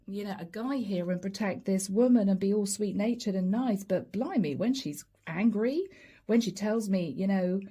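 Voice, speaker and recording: Husky, chatty woman reading tarot. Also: mid-range voice, moderate pace. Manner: lively, chatty, often acts out quoted voices and asides. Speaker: tarot reader.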